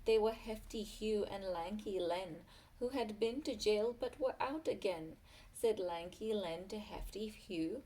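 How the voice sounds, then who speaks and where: A woman reading a rhyming picture book aloud in a sing-song way, pausing for little asides to her listener. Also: mid-range voice, mellow. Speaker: storyteller.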